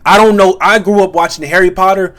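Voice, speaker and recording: A man's voice: high voice, steady tone, fast talker, a bit bright. A man hosting a reaction video, talking in a rambling, casual way with lots of fillers and swearing. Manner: rambling, profane, many fillers.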